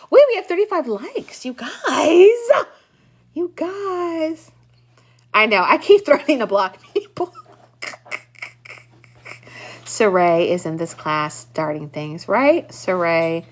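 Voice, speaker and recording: A young woman with a bright voice, sitting a little high in pitch, runs a live online class. She swoops around a lot in her speech and keeps up a playful, teasing back-and-forth with her viewers. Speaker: class host.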